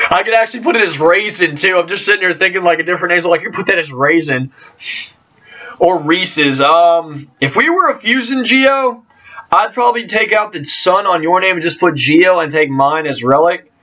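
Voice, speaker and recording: High voiced guy rambling thru fan questions, kinda goofy, sounds far off and muffled. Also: normal speed. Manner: excitable, jokey, trails off and restarts. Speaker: vlogger answering viewer questions. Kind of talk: casual chat. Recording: distant, dull lo-fi mic.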